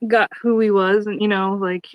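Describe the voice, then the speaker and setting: Female co-host, mid pitch, measured and easygoing. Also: little pitch movement, no echo, muffled recording. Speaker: podcast co-host. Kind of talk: casual review chat.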